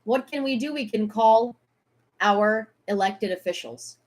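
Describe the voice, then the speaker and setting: A woman's voice: mid-range voice, measured pace, a little mellow. A woman from Ukraine ranting on a live stream, sarcastic and heated, swearing freely as she argues. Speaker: social media creator.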